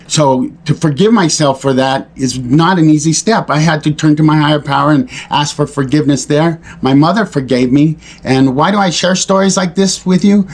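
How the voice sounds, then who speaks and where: A man with a voice a touch higher than most men speaks in an earnest, reflective, confessional way. He pauses with fillers and restarts his sentences as he works through his thoughts. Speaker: recovery vlogger. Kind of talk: confessional talk to camera.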